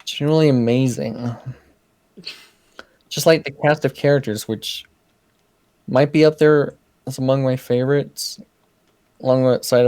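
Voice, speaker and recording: A man's voice: mid-range voice, warm tone. A man co-hosting a podcast, chatting casually and gushing with enthusiasm about what he loves. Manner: enthusiastic, gushing with fan praise. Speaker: podcast co-host.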